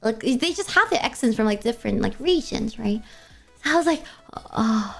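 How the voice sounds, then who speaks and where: Casting note: young woman, high voice, chatty streamer storytelling with many fillers, faint music underneath. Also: expressive, brisk, gravelly, fairly bright tone. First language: English. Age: young adult. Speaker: vtuber streamer. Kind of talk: casual chat.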